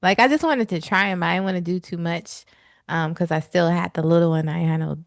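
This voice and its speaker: A woman's voice: fairly low pitch, fairly quick, gravelly, no room sound, clean studio sound. A woman co-hosting a podcast, speaking bluntly and casually and swearing freely. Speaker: podcast co-host. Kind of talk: casual chat.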